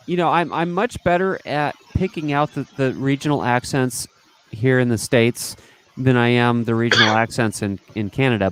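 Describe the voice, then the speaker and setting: Smooth-voiced man hosting a chat stream. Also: medium pitch. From Northern California. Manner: rambling, loses his train of thought. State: has had a beer. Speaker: host. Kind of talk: casual live-stream chat.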